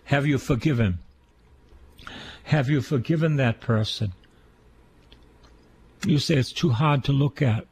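A man's voice: mid-range voice, a little slow, long pauses, darkish tone, slightly rough. A man, a priest, giving an earnest sermon on scripture and repeating key phrases for emphasis.

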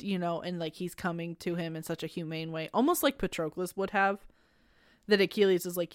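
A young woman co-hosting a podcast, chatting casually and emphatically about a book, quick to laugh. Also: on the low side, fairly even intonation, clear, resonant tone, no echo, studio quality. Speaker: podcast co-host.

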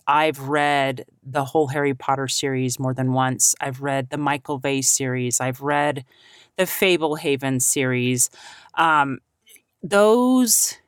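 A woman's voice: sits low, dry recording, clean studio sound. A woman hosting her own podcast, talking earnestly and upbeat to her listeners and closing with blessings. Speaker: podcast host. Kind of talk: solo podcast talk.

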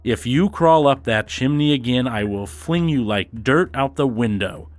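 A rough young fellow, as a male narrator plays him, speaking sternly and scolding with little patience. Soft music plays behind his firm voice. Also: mid-range voice, animated, unhurried, dry recording, lightly acted. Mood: threatening.

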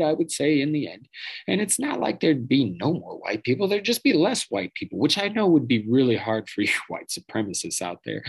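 A podcast host mocks his targets through a profane, sarcastic political rant. His medium-pitched voice is creaky, fairly bright and slightly rough, and the sound quality is poor.

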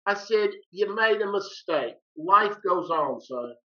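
A man's voice: high-pitched, lively intonation, slow pace, bright, forceful tone. An older man, a retired teacher, telling a story in a folksy, plain-spoken way and acting out both sides of each exchange. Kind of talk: casual storytelling. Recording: dull lo-fi recording.

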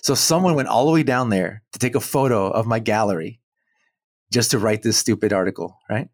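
A man, a muralist guest on an interview show, telling a story in an animated way and acting out the quoted dialogue. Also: on the low side, a little fast, no room sound, clean studio sound. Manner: animated, acts out quoted dialogue, chuckles between points.

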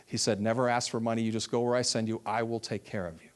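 A man's voice: medium pitch, fast talker. A man who runs a ministry, telling a personal testimony in a sermon and acting out the voices of the people he quotes. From Texas. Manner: storytelling, animated, acts out quoted voices.

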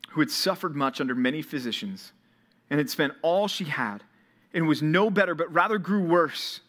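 A male pastor preaching a sermon to a college ministry, retelling Bible scenes with animated storytelling. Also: on the high side.

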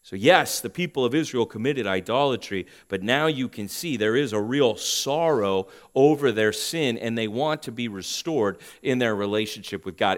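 A pastor delivers a sermon in a mid-range voice, shifting between loud emphasis and hushed tones.

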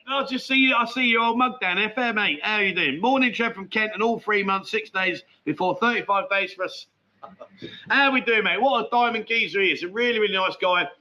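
A man's voice: sits high, pushed and bright, lo-fi sound. A man hosting a casual live chat show, rambling and matey as he answers viewer comments. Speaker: livestream host.

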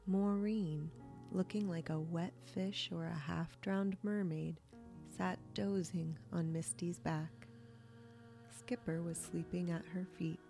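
A woman host reading a bedtime sleep story aloud, soft-spoken and soothing. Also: lowish voice, creaky. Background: soft meditation music.

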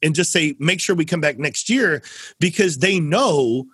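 A man hosting a casual conversational interview, an animated storyteller who acts out quotes with big swings in his voice. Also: fairly high pitch, measured pace, breathy edge, no echo, clean studio sound. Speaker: podcast host.

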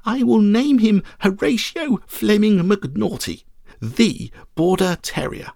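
A man's voice: high voice, lively intonation, slow pace, creaky, a little mellow, no room sound, studio quality, pitched above the performer's own voice, heavily acted. A man voicing a whiny, nasal little boy in an audio storybook.

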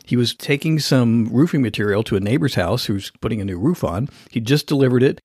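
A man hosting a podcast, telling a story in an animated, casual way and acting out the voices of the people in it. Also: mid-range voice, brisk, husky, no room sound, clean studio sound. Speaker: podcast host.

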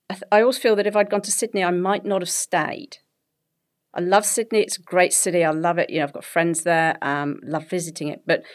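English woman guest, middle-aged, kinda low voice, chatty and animated telling stories. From England. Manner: animated storytelling, laughs often. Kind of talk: conversational interview.

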